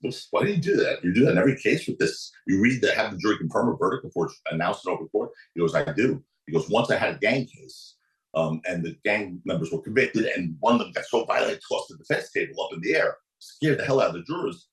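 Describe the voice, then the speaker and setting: A man's voice: quick pace, echoey room, rough recording. A man telling a courtroom story on a podcast as a guest attorney, acting out the people in it with big swings in his voice. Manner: animated, acts out quotes with big pitch swings. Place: podcast studio.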